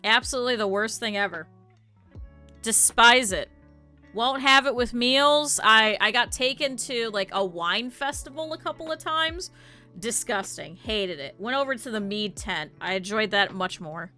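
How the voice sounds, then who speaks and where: A woman streamer chatting casually to her live chat, blunt and swearing freely, with lively quoted asides. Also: fairly high pitch, a little slow, soft background music.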